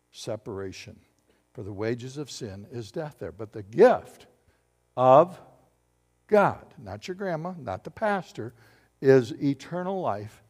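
A man preaching a sermon as pastor, animated and joking with his congregation. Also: fairly high pitch. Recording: long hall reverb.

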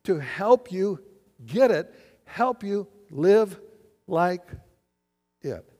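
A man's voice: high voice, expressive, very slow, a little mellow. A man preaching a sermon as a pastor, putting questions to the congregation and answering them. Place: church sanctuary. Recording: long hall reverb.

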